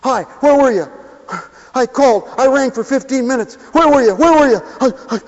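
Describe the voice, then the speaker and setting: A man voicing a fretful, clingy friend who nags with rapid worried questions. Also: extremely high pitch. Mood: worried nagging. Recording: dull sound with long hall reverb.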